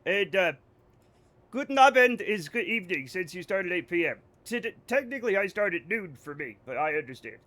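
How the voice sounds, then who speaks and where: A man's voice: high voice, expressive, brisk, hardly any pauses, bright, forceful tone. An American man streaming a game, joking and rambling to his chat. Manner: jokey, rambling, talks to chat. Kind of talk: casual livestream chat.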